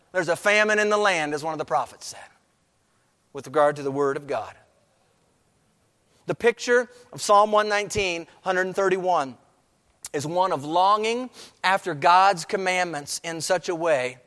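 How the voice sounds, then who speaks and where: A man's voice: high-pitched, a bit bright. A man pastor preaching a sermon, building to emphatic, rising passages. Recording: long hall reverb.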